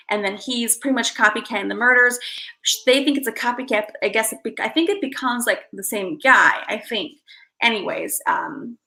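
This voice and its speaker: A woman's voice: medium pitch, gravelly, sharp tone, low-quality recording. A woman in her thirties chatting casually with her stream viewers, rambling and self-deprecating. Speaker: live streamer.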